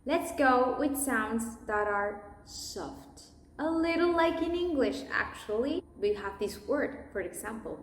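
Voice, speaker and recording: A woman teaching pronunciation, modelling words one at a time and deliberately exaggerating sounds so learners can repeat them. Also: on the high side, animated, echoey room, a little hiss or hum. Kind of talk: pronunciation lesson, listen and repeat.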